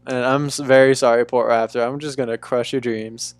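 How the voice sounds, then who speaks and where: A man's voice: mid-range voice, steady tone, fairly quick, hardly any pauses, dry recording. A young man chatting casually with viewers on a live stream from a room at home, laid-back and talkative, calling people "dude". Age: young adult. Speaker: livestreamer.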